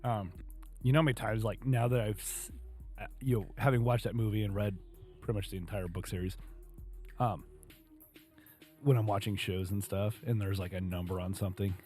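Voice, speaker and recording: A man's voice: on the low side, steady tone, fairly quick, long pauses, darkish tone, faint music behind. A man co-hosting a casual beer podcast, joking and rambling, laughing often. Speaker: podcast co-host.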